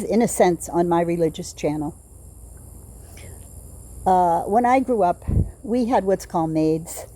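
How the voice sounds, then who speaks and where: A woman's voice: fairly low pitch, mellow. An older woman telling rambling personal stories in a casual monologue, outdoors at night. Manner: rambling, digressive storytelling with pauses. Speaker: vlogger. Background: crickets chirping.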